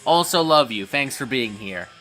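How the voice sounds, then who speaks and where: A man hosting a live stream and reading chat aloud, tipsy and getting drunker, profane, swinging from low mumbles to hyped shouts. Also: expressive, moderate pace, soft background music. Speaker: livestream host reading chat.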